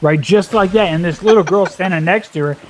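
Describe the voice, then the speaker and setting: A young man spins a rambling, profane anecdote with lots of energy and filler, his voice sitting a bit higher than most men's. It sounds like an easygoing gaming chat with a faint hiss of background noise. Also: fairly quick. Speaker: gaming video host. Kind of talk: casual storytelling chat.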